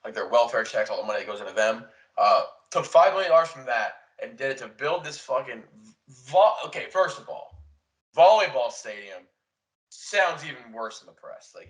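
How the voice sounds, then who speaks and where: A young man co-hosting a podcast, rambling through a casual chat, swearing often and retelling events with animated quotes. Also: fairly high pitch, fairly quick, poor audio. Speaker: podcast co-host. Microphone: desk podcast mic.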